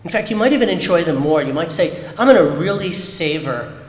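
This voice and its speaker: In a synagogue sanctuary with long, echoing reverb, a man with a high-ish, animated, fairly quick voice gives a candid personal talk at a Shabbat service. He's emphatic and asks one rhetorical question after another.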